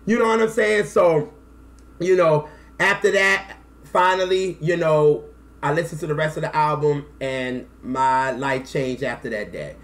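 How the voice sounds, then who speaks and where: A man in his thirties telling a personal story to camera in a casual, animated way, acting out quotes and close to tears. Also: fairly high pitch, a little slow. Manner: animated, acts out quotes, slangy. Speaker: music vlogger.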